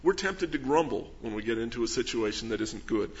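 A man's voice: medium pitch, lively intonation, a little fast, muffled recording. A man preaching a sermon, reading scripture and asking rhetorical questions with earnest emphasis. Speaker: pastor.

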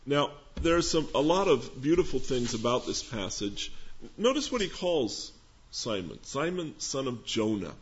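A man preaching a sermon in a gentle, conversational teaching manner, posing questions to his listeners. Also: medium pitch, big pitch swings, measured pace, lo-fi sound. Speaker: pastor.

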